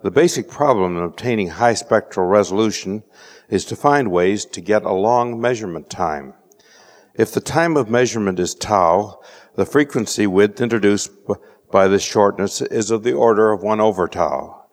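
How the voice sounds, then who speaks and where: A man with a fairly low voice delivers a measured scientific lecture, dry-witted and patient. He often pauses on fillers as he works through an explanation. The sound rings with the long reverb of a lecture hall. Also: animated.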